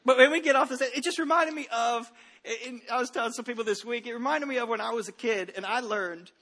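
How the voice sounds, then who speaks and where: A man's voice: very high voice, quick pace, bright, forceful tone. A man in his thirties preaching a sermon from a church stage, chatty and humorous, telling stories with many restarts. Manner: conversational, humorous storytelling with frequent restarts. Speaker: pastor.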